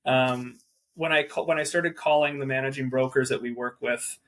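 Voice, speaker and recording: A man speaking as a guest property manager in a casual interview, animated and peppering his talk with "like" in rapid bursts. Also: medium pitch.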